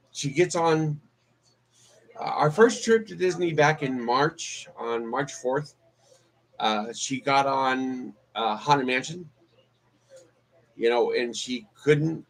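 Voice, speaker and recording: A man's voice: mid-range voice, slight background noise, low-quality recording. A man chatting casually on a live stream as a vlogger, rambling with many fillers and restarts. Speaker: YouTube vlogger.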